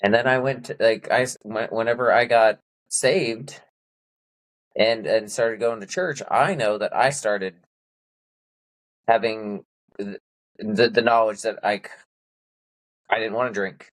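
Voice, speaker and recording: Slow, halting man with a dry sound. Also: on the low side, fairly even intonation, dry recording, poor audio. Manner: halting, hesitant, many restarts and fillers. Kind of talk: casual conversation.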